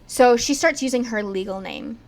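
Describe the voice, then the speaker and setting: A young woman with a fairly high voice tells a history story on a podcast at a moderate pace. She's chatty and full of "like," acting out quotes in lively bits.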